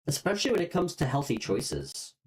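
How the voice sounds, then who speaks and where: A woman hosts a live tarot reading, and her pitch swings widely from line to line. She speaks straight to her viewers, halting and repeating herself with plenty of ums. She sounds openly moved by what she reads. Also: wildly swooping pitch, low-quality recording. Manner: emotional, openly moved, hesitant with many fillers; speaks warmly and directly to viewers. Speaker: tarot reader.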